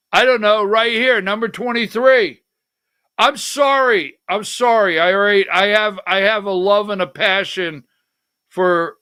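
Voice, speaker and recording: A man hosting a political talk show, giving heated, indignant commentary with slow, emphatic delivery. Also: high voice, sharp tone, smooth, no echo, studio quality.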